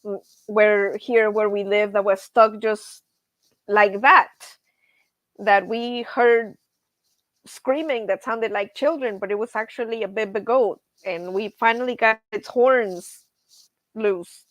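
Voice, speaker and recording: A woman's voice: mid-range voice, slow, no echo. A woman hosting a casual livestream, telling stories with laughter and reading viewer comments aloud. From grew up on a ranch. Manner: animated storytelling with laughs. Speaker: livestream host.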